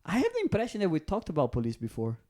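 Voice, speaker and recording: A man's voice: on the high side, rapid-fire. A man with a Brazilian accent, a comedian co-hosting a podcast, telling stories in casual chat and acting out the voices of people in them. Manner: animated storyteller, acts out quoted voices.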